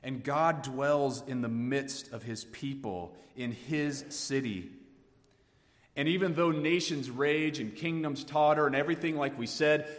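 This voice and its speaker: A man preaching a sermon, swinging from hushed tones to emphatic rises. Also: mid-range voice, a little slow, long reverb tail. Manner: dynamic preaching, dropping to hushed tones then rising emphatically. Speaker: pastor.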